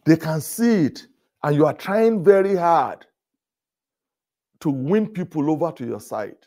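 A male pastor giving a leadership talk at a conference, telling stories with chuckles and repeated words, often rising loud for emphasis. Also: a little high, lively intonation, measured pace. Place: conference stage before an audience.

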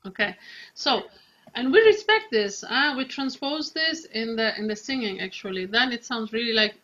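Lady voice coach, slow, kinda high, muffled lo-fi sound. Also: lively intonation, fairly bright tone. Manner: demonstrates lines slowly, drawn-out Italian vowels. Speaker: vocal coach. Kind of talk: singing lesson.

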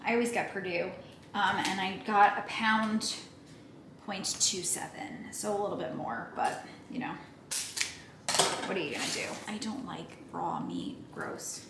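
A woman's voice: mid-range voice, unhurried. A young woman vlogging at home, chatting casually and playfully to the camera while cooking in her kitchen. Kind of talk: casual vlog chat. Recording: echoey room, faint background hiss.

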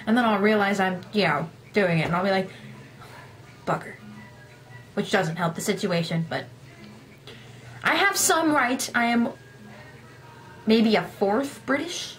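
A woman's voice: mid-range voice, animated, a little slow, long pauses, faint music behind. A young woman telling a rambling, self-deprecating story in a casual vlog, acting out her own past lines. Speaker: gaming vlogger.

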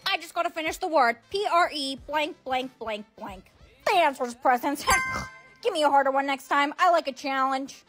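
A woman acting in comedic POV skits with a quiet, matter-of-fact delivery. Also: sits high, normal speed, faint music behind. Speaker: skit creator.

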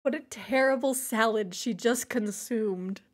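A woman's voice: on the high side, unhurried. A young woman streaming a life-sim game who keeps exclaiming and breaking into helpless laughter as she greets chat. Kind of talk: live gaming stream chat.

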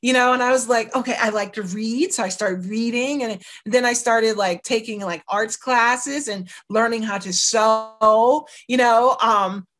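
A woman's voice: fairly high pitch, measured pace, few pauses, a bit bright. A middle-aged woman from the United States, a lawyer guest, telling her life story candidly and emphatically, often saying "you know" and acting out what people said. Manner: emphatic, acts out quoted dialogue, peppers talk with "you know" and "right".

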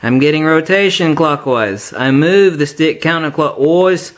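A man's voice: on the high side, unhurried. A man giving a hands-on tabletop demonstration lesson, explaining step by step and joking with a mock Australian "mate". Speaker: science demonstrator.

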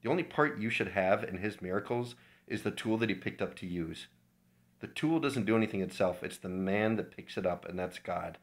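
Man from Minnesota, deep voice, earnest and heartfelt, casual church devotional. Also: brisk. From Minnesota, USA. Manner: earnest, heartfelt personal testimony. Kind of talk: informal devotional talk.

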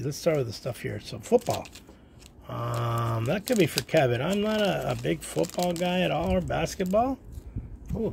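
Guy unboxing baseball cards, chatty and gravelly, mumbles to himself, noisy home recording. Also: mid-range voice, a little mellow. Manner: chatty, talks to himself while unpacking, drops to whispers. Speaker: card collector vlogger. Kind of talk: casual unboxing chat.

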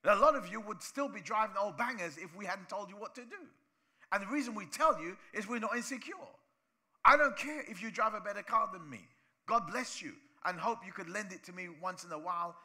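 A male pastor from preaching a sermon in church, animated, acting out voices of people he talks about. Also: high-pitched, fairly quick.

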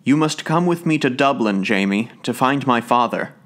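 A man's voice: medium pitch, expressive, normal speed, a bit bright, close to an everyday voice. A man voicing a distressed young lady who pleads with her parents to know her, in a lifted, tearful tone. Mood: pleading.

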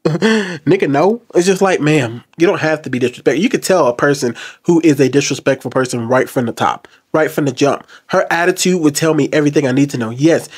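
A man commenting on a video clip to his viewers, jumping between loud outbursts and low, quiet asides. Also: fairly quick, breathy edge. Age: adult. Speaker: reaction commentator. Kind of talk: casual commentary to camera.

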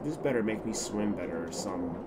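A man streaming a video game live, reacting loudly and crudely and talking back to the characters on screen. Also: lowish voice, animated, fast talker, heavy background noise. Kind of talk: live gameplay commentary.

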